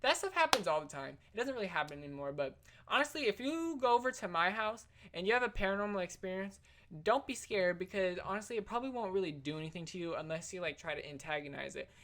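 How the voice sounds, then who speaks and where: A woman's voice: lowish voice, animated, fast talker, fairly bright tone. A young adult woman telling stories for her vlog in a chatty, slangy way, full of "like" and "literally". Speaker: vlogger. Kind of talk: casual storytelling vlog.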